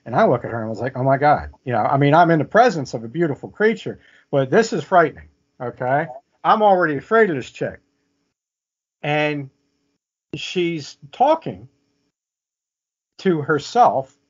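A man's voice: a little high, big pitch swings, fairly quick. Storytelling man on muffled audio. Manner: vivid, keeps checking in with "okay?". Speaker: interview guest. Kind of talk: casual storytelling.

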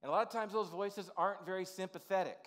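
A man's voice: sits high, fast talker, fairly bright tone. A male pastor delivering an informal, conversational sermon in a church sanctuary, full of "you know" asides.

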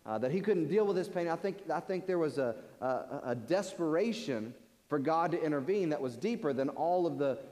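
A man's voice: a little high, expressive, moderate pace, warm tone. A man preaching a sermon in earnest, often repeating words as he presses a point. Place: large church sanctuary. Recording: long church-hall reverb.

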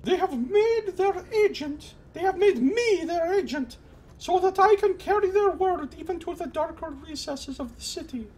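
A man doing a shrill, haughty fish-woman. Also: animated, a little mellow. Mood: proud. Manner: stiff, formal, drawn-out high delivery. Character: haughty female fish-person agent, formal. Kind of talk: reading game dialogue aloud in voices.

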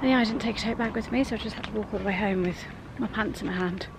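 An English woman in her thirties chats to her vlog camera in a rambling, easygoing way, often stopping to correct herself. Her voice sits at an ordinary middle pitch. Faint hiss runs under the recording. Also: very fast. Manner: chatty, rambling, self-correcting. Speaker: vlogger. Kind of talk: casual vlog chat.

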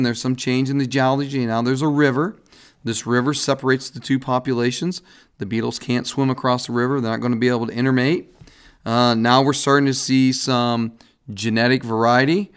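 Man, biology teacher, recorded lesson, casual, folksy, mid pitch. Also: smooth. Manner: casual, folksy explaining with frequent "all right" and restarts. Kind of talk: recorded classroom lecture over slides.

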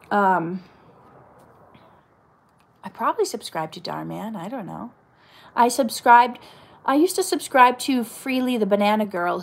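A middle-aged woman, an actress, chatting casually as she reads out viewer questions and answers them. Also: fairly high pitch. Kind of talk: casual live Q&A chat.

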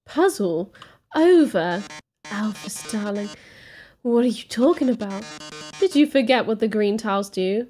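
A woman's voice: mid-range voice, animated, a little slow, dark tone, soft background music, pitched below the performer's own voice, lightly acted. A woman voicing a flamboyant male robot TV star who drawls and calls everyone darling, reading a video game aloud. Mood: theatrical.

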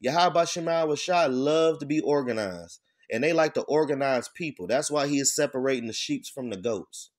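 A man giving an informal sermon. He reads verses slowly, breaks them down bluntly with profanity, and keeps checking in with "all right?". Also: mid-range voice. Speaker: scripture teacher. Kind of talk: informal sermon with scripture reading.

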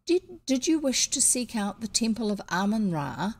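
Young male egyptian priest, courteous, scheming, stern when crossed, gravelly touch, woman reader. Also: a little high, big pitch swings, normal speed. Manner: smooth and polite, then stern.

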